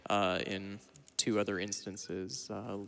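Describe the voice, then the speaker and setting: A man giving relaxed, explanatory couch commentary on a live speedrun. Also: lowish voice, slow, vocal fry, slight background noise.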